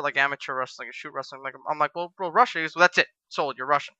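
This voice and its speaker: A man co-hosting a casual podcast, telling lively stories and acting out the people in them. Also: on the high side, very fast, no room sound, lo-fi sound. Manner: animated, acts out quoted voices with profanity. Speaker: podcast co-host, wrestler.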